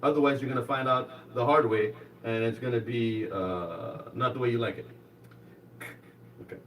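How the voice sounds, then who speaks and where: A man doing a live stand-up comedy set on a club stage, rambling and halting, then rising to excited shouts in his stories. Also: mid-range voice, distant mic, low-quality recording.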